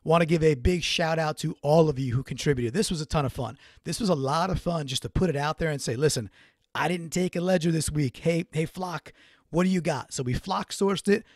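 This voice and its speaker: A man's voice: fairly high pitch, fairly quick, no room sound, clean studio sound. A man hosting a solo sports recap podcast, talking in a casual, rambling way with restarts. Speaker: podcast host.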